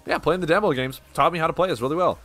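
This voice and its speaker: A man's voice: fairly high pitch, racing, fairly bright tone, faint music behind. A young man chatting casually on a live stream as he opens card packs and reads the card names aloud.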